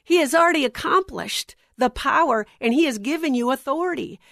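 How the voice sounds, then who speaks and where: A middle-aged woman preaches to a room of women, weaving a personal story into her message and acting out the voices in it. Her voice sits a little high, and the sound is dry and close. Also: fairly quick, gravelly, no room sound. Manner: animated storyteller, acts out dialogue. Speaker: women's ministry speaker.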